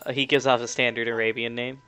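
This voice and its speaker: A man's voice: mid-range voice, little pitch movement, fast talker, bright, forceful tone, clear, resonant tone, soft background music. A man as game master, casually improvising and narrating a tabletop game.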